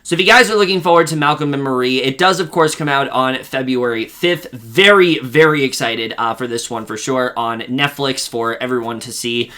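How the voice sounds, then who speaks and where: A man's voice: medium pitch, moderate pace, few pauses, pushed and bright. A young man hosting a casual film preview, leading segments and teasing his co-hosts. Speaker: host.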